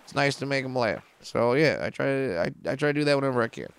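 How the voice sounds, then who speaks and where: A man who is a comedian and a podcast guest, telling stories in a casual, profane and animated way. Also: medium pitch, quick pace, smooth.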